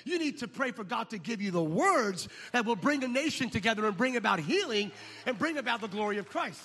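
Brief: male pastor, high husky voice, lively storytelling sermon in a big reverberant hall. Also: a little fast. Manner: animated, acts out dialogue in voices. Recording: long reverb of a large hall.

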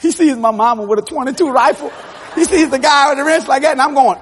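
A man preaching to a congregation, telling a childhood story with animated shouts and laughter. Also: very high-pitched, fast, a little hiss or hum. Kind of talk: humorous sermon storytelling.

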